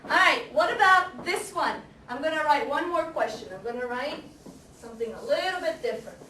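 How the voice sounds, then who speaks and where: A woman teaching an English grammar class, speaking slowly and deliberately, repeating example sentences and quizzing her students. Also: high voice, lively intonation, bright, forceful tone. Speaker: ESL teacher. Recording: echoey classroom, camera far off, faint noise.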